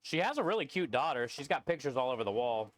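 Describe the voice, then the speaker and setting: A man's voice: medium pitch, sing-song, quick pace, dry recording. A man, a food truck cook, chatting casually with viewers on a live stream and joking around.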